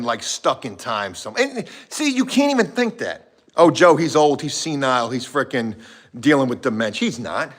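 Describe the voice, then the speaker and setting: A man with a bright, lively, fairly high voice tells a work story to his viewers. He swears freely and is animated, swinging from loud outbursts to low grumbles. The telling is casual and loose. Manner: animated, profane, shifts from shouting to muttering. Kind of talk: casual storytelling to a live chat.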